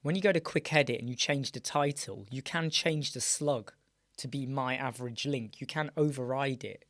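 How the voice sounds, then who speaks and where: A British man hosting a casual live chat show, his voice a little croaky and weak, answering viewers by name. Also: medium pitch, moderate pace, fairly bright tone, no echo, clean studio sound. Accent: British English. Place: small dark soundproofed room.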